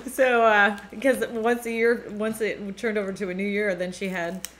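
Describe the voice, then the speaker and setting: Middle-aged woman, New England accent, bright voice, chatty live-stream host, laughs a lot. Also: mid-range voice, level tone, normal speed, slight background noise. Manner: chatty, laughs often, reads viewer comments aloud. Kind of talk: casual live-stream chat.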